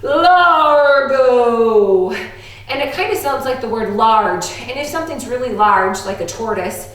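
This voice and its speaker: A woman's voice: fairly high pitch, expressive, moderate pace, fairly bright tone. A woman teaching an online music lesson to young children, upbeat and playful, with an exaggerated teacher voice. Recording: very echoey room, distant from the mic.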